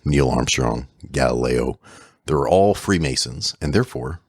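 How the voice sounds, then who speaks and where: A man's voice: rumbling low, animated, a little slow, slightly rough, no echo, studio quality. A man co-hosting a casual podcast, explaining with playful jokes and sound effects. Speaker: podcast co-host.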